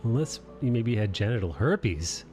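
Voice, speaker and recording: Male host, low voice, crude casual banter, quick to laugh. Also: big pitch swings, music in the background. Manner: crude, profane and laughing easily. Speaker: host of an art live stream. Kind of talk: casual chat.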